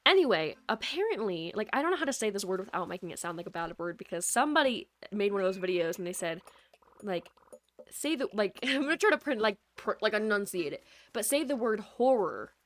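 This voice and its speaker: This young Midwestern woman has a medium-pitched, sing-song voice and talks quickly as she casually chats through a game stream. Her rambling is full of "like," picked up by a USB mic over soft lofi music.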